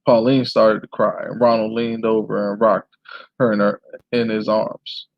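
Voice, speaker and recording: A man reading a memoir aloud in a plain, steady way, now and then clearing his throat. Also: fairly low pitch, unhurried, no echo, highs cut off. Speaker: reader.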